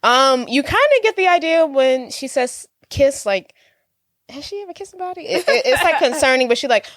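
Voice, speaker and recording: A woman's voice: high voice, lively intonation, normal speed, a bit bright, no echo, clean studio sound. A young woman in her twenties co-hosting a casual podcast, recapping with wry asides. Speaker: podcast co-host. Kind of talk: casual chat.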